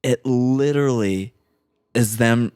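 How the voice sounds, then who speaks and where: A man's voice: medium pitch, slow pace, a little mellow, clean tone, dry recording, studio quality. A man co-hosting a podcast, chatting casually about a movie in a loose way, swearing and saying "like" a lot. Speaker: podcast co-host.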